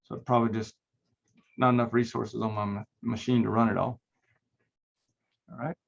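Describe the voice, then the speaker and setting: Male instructor, mid-pitched, loose filler-heavy delivery, dull lo-fi computer-mic sound. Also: little pitch movement, normal speed, vocal fry, husky. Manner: casual, rambling, many fillers and restarts. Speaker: networking instructor. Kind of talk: recorded online class lecture with screen share.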